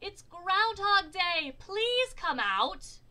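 A woman doing a shouting storybook crowd. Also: extremely high pitch, big pitch swings, pitched above the performer's own voice, exaggerated voice. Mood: chanting. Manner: shouted, drawn-out chant. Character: shouting cheering crowd of townspeople.

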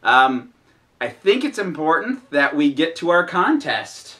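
A man's voice: fairly high pitch, big pitch swings, unhurried, sharp tone. A male vlog host chatting casually and off the cuff, rambling as he goes. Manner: rambling, unrehearsed, with restarts. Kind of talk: casual chat.

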